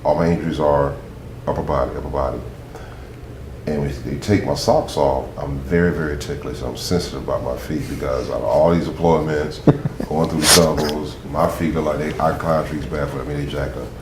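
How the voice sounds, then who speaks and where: A man's voice: extremely low pitch, steady tone, fairly quick, hardly any pauses. A man, a veteran guest, telling a humorous, laid-back story about being wounded. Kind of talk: casual storytelling. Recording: echoey room, faint noise.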